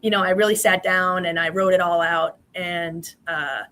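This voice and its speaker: A woman's voice: on the low side, steady tone, moderate pace, bright, forceful tone, low-quality recording. A woman in her twenties, a former college swimmer, answering interview questions in a chatty way with many fillers.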